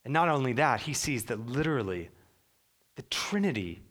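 A young adult man preaching a sermon as pastor, earnest, sometimes dropping to a soft hush. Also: mid-range voice, very animated, normal speed.

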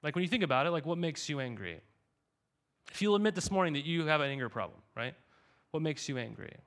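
A male pastor delivering a sermon in a relaxed, conversational manner. His voice sits a little higher than most men's. He keeps drawing the congregation in with quick rhetorical questions. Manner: conversational, repeats "right?" to the congregation.

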